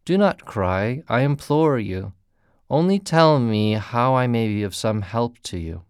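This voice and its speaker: A man voicing a kind grown man who gently pleads and later gasps in terror. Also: medium pitch, lively intonation, measured pace, clear, resonant tone, no echo, studio quality. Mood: gentle pleading. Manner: pleading, then panting and gasping.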